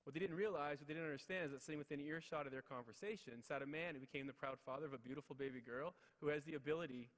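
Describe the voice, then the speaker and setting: A man's voice: on the high side, rapid-fire, hardly any pauses. A man in his thirties giving a motivational speech, telling personal stories with repeated refrains and acted-out quotes. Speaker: keynote speaker. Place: large ceremonial hall at city hall. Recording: long hall reverb.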